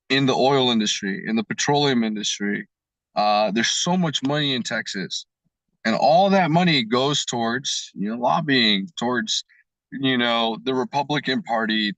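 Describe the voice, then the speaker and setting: A man's voice: medium pitch, a bit bright, no echo, rough recording. A man co-hosting a podcast, explaining his views earnestly in casual chat, using many fillers. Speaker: podcast co-host.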